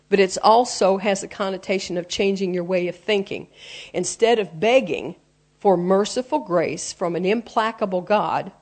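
Woman, preacher, sermon, earnest teaching tone, middle pitch, scripture reading. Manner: earnest teaching tone, explains word meanings, quotes scripture.

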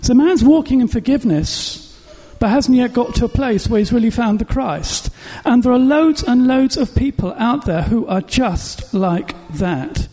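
A man's voice: extremely high pitch, expressive, unhurried, dark tone, in a large hall. A man preaching a sermon, telling stories emphatically. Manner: emphatic storytelling.

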